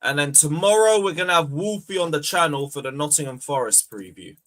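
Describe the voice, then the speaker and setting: A young man hosting a fan livestream, bantering loudly, swearing and taunting viewers. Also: on the high side, animated, a little fast. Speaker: fan channel host. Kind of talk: casual livestream chat.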